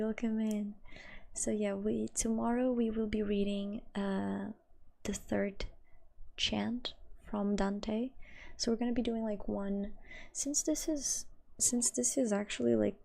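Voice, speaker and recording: A woman from Portugal with a light Portuguese accent, chatting casually with her livestream viewers, laughing often and sometimes dropping into a soft whisper. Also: mid-range voice, gravelly. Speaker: streamer.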